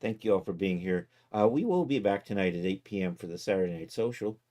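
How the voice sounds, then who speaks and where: A man with a fairly low, warm and relaxed voice talks to his live-stream audience. His chat is casual and easygoing, and he thinks aloud as he goes. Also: fast. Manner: easygoing, thinks aloud while clicking around.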